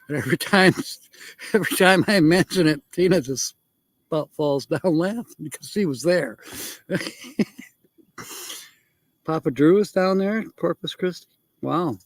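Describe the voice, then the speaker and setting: Male livestream host, slow unhurried delivery, slightly high voice, dry close sound, rambling chat with chuckles. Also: no echo. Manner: rambling, chuckling often, thinking aloud. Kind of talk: casual livestream chat reading viewer comments.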